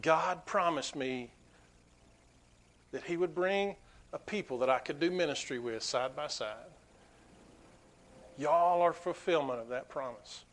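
A man preaching a sermon to his congregation, swinging between quiet asides and loud, emphatic peaks. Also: fairly high pitch, a little slow, long pauses. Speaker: pastor.

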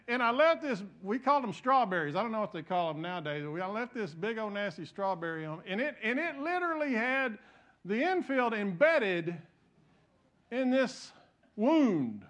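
A man's voice: high voice, a bit bright. A middle-aged man preaching a sermon in church, telling a folksy story with frequent restarts and asides to the congregation. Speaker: pastor.

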